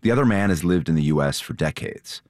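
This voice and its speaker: A man reporting, reading a scripted story narration in a measured, steady way and interviewing guests. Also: low voice, dry recording, studio quality. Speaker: reporter and host.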